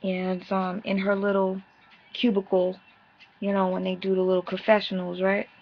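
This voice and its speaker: A woman's voice: mid-range voice, monotone, normal speed, highs cut off. A woman giving a brash, profane, sassy casual recap of a reality show episode. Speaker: vlogger reviewing a reality show.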